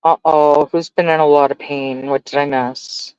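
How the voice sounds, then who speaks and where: A woman's voice: deep voice, steady tone, moderate pace, darkish tone, clear, resonant tone, no echo. A woman livestreaming, ranting in a heated, profane, rambling way to her chat. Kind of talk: casual live-stream rant. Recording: dull dry lo-fi stream audio.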